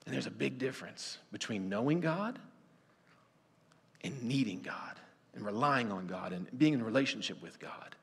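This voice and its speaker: Earnest preacher in a reverberant hall. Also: male voice, medium pitch, lively intonation, moderate pace, vocal fry, husky. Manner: earnest, conversational, many restarts and fillers. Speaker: pastor. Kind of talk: sermon. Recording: long reverb of a church hall.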